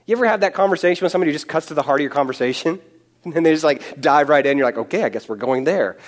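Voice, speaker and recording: Guy preaching, kinda high voice, super animated and casual, lots of little asides and chuckles. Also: racing. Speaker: preacher teaching a Bible passage. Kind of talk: conversational sermon.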